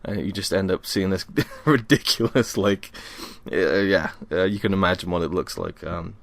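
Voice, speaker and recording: This podcast host, a young man from Wales, records a casual solo show at home after a workout, tired, rambling, self-deprecating, and heavy on the ums. His voice is low yet fairly bright, at a normal pace, in a dry recording.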